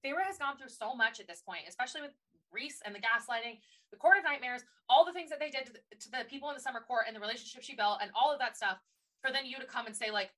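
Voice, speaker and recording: A woman's voice: on the high side, quick pace, bright, forceful tone, poor audio. A woman co-hosting a casual book-discussion podcast. She talks animatedly and acts out characters' lines in exasperated quoted voices. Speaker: podcast co-host.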